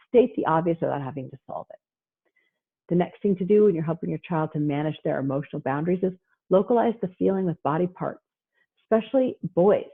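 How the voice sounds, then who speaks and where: Husky woman giving a lively parenting talk. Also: on the low side, brisk. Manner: animated, playfully mimics parents and kids. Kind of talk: lively lecture with acted-out quotes. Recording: tinny phone-like audio.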